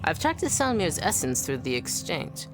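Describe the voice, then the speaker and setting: A woman voicing a brisk female scholar who studies souls and reports in clinical terms. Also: low-pitched, big pitch swings, noisy background.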